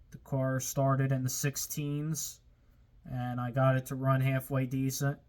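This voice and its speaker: A man hosting his own car-building videos, talking casually to viewers in a plain-spoken way that gets a little worked up. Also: mid-range voice. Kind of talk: casual workshop talk to viewers.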